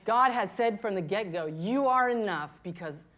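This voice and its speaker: A woman in her fifties, a pastor preaching a candid, confessional sermon, moving between hushed and impassioned. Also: medium pitch, animated, moderate pace. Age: 50s.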